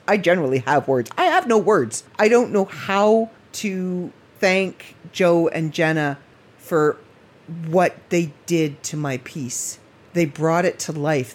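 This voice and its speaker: A woman talks on her own podcast late at night, rambling from one thought to the next. Her voice is husky and a little breathy, pitched on the low side. She gets emotional and laughs often. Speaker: podcast host. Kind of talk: casual late-night monologue.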